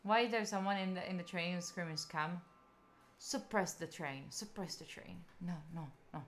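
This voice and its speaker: During a study stream, a tired, yawning Italian woman in her twenties talks casually with her viewers, reading and replying to their messages between tangents. A native Italian speaker with an accent, she has a fairly low voice at normal speed, with slight background noise.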